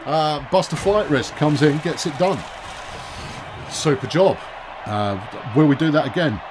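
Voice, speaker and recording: A man's voice: fairly high pitch, a little slow, background noise. A man giving wry, chatty commentary while he plays a baseball video game, often talking to himself. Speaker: gaming video host. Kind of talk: let's-play commentary.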